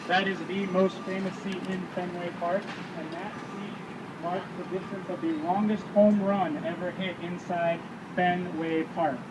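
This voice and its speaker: A man's voice: high voice, darkish tone. A man leading a guided ballpark tour, telling stories and quizzing the group. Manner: storytelling, quizzes the crowd. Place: outdoors at a ballpark. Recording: distant and echoey, with background noise.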